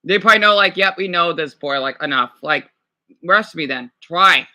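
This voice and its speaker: A man's voice: a little high, normal speed, sharp tone. A man reacting to a video clip with heated, profane ranting, often stumbling and restarting. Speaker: reaction vlogger.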